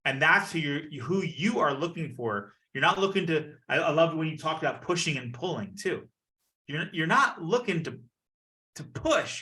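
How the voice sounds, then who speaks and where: A man coaching a business community on a video call, energetic and playful, acting out the people he quotes. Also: on the high side. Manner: energetic, acts out quoted voices. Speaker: network marketing leader.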